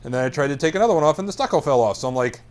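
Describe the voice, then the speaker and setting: A man's voice: fairly high pitch, lively intonation, very fast, a little mellow. A man hosting a casual talk show, bantering with a co-host in a teasing, joking way. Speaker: podcast host. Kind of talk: casual chat.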